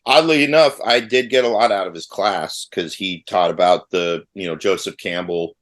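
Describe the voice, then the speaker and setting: A man's voice: low-pitched, moderate pace. A middle-aged man chatting casually with old friends, rambling and wry, with many restarts. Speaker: podcast co-host.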